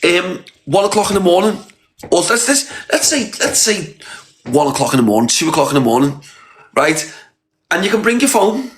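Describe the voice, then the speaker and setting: A man's voice: high-pitched, very animated, moderate pace, a bit bright. A man from Liverpool with a Scouse accent, ranting in a livestream call-out, repeating himself and swearing. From Liverpool, England. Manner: repetitive, confrontational, swearing. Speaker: live streamer.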